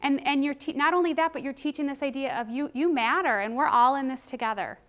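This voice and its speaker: A middle-aged woman presenting a teaching workshop, conversational and animated, breaking into short acted classroom scenes. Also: high voice, quick pace. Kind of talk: teaching presentation with role-play demonstration.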